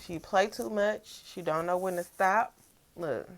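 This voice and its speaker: Soft-spoken young woman with gravelly voice. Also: lowish voice, unhurried. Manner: soft-spoken, reflective, casual slang. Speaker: vlogger. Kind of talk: personal reflective vlog talk.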